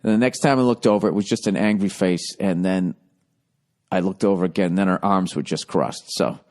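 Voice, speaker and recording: A man hosting a comedy podcast, telling a profane, self-mocking story that swings from low mumbling to loud outbursts. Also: fairly quick. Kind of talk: casual storytelling monologue.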